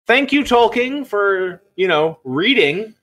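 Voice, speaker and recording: A man's voice: sits high, lively intonation, takes it slowly, fairly bright tone. A man co-hosting a casual movie podcast, rambling and self-mocking as he laughs through his thoughts. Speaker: podcast co-host. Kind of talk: casual chat.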